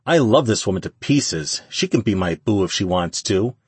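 A man with a deep, husky voice voicing a cheerful male angel warrior who likes to tease. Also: expressive, normal speed, dry recording. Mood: teasing. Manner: teasing, cheerful.

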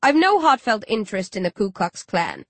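A woman's voice: medium pitch, very animated, moderate pace, fairly bright tone, dry recording. A woman voicing a crude, smug male villain who simpers and talks down to others. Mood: simpering. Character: crude smug male child-killing creep.

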